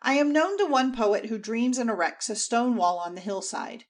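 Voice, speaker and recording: A kindly elderly uncle, put on by a woman reader in a storybook, speaking low and hushed. His tone is fatherly and indulgent, a doting old man with a jealous streak. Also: expressive, normal speed, lightly acted. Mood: gentle, indulgent.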